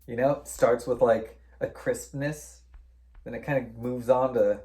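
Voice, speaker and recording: A man's voice: mid-range voice, fairly even intonation, unhurried, dark tone. A man co-hosting a casual beer review, describing flavors with enthusiastic images and sound effects. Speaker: co-host of a beer review show. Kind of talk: casual chat.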